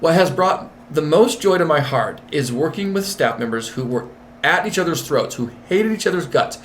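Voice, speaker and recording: A man being interviewed as a nurse manager and executive coach, talking in an emphatic, repetitive, animated way. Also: a little high, moderate pace, a little hiss or hum.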